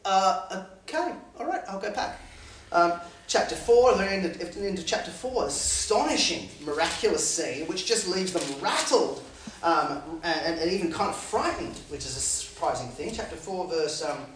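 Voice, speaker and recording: Lively preacher in an echoey hall. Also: mid-range voice, moderate pace, a little hiss or hum. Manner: animated, laughs between Bible readings, acts out the disciples. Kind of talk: sermon. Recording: echoey hall, voice picked up from a distance.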